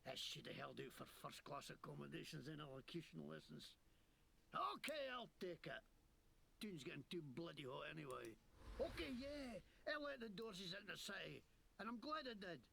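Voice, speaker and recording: An actor playing a foul-mouthed male shopkeeper crook in a video game, with a put-on Scottish accent and a gravelly, indignant voice. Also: fairly high pitch, animated, normal speed, bright, forceful tone, slight background noise, exaggerated voice. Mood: grumbling. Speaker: game character.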